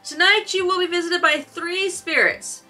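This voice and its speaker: Woman voicing a wailing male ghost, slow, bright high voice, faint music behind. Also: steady tone, far from the mic, heavily acted. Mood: ominous. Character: wailing ghost of a dead business partner, male.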